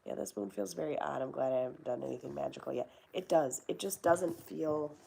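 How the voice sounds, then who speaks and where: A woman's voice: sits low, a little fast, vocal fry, mellow, a little hiss or hum. A young woman hosting a casual chat, rambling and swearing now and then. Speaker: host.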